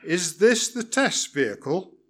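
A prickly, humourless driving examiner, as a man reads him out, clipped and pedantic, pressing heavily on each word. The voice sits a little higher and louder than the reader's own, a touch above a typical man's pitch. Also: a little slow. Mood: stiff. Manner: pedantic, clipped, over-emphatic. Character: stiff, irritable male driving examiner.

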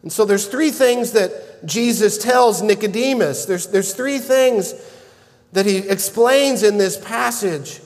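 A man preaching a sermon, earnest and measured, building to emphatic shouts at key points. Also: high voice, big-room sound. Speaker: pastor.

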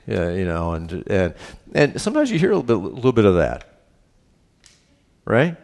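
A middle-aged pastor with a fairly low voice delivers a sermon. He reads verses and then talks them through in an easy, conversational way. He keeps asking "right?" and makes light of himself. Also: wildly swooping pitch, moderate pace, vocal fry, pauses often, a little mellow. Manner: conversational preaching with tag questions and self-deprecating humor.

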